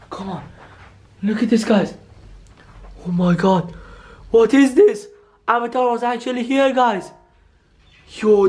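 Man, very high voice, excitable youtuber, scripted scary skit vlog, keeps saying yo and guys. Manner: excitable, constantly addresses viewers with "yo" and "guys".

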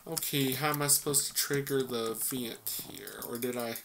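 A man's voice: medium pitch, fairly even intonation, moderate pace, gravelly, a bit bright. A man giving rambling, casual commentary while playing a game, thinking aloud with many fillers. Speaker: gaming YouTuber. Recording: noisy mic with keyboard clicks. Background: keyboard typing.

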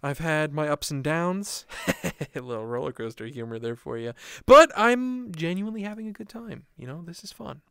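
A man giving casual, excitable commentary while playing a VR game at home, swearing casually and laughing often. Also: on the high side, normal speed, clear, resonant tone, dry recording, studio quality. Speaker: gaming streamer. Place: home room, seated on the floor.

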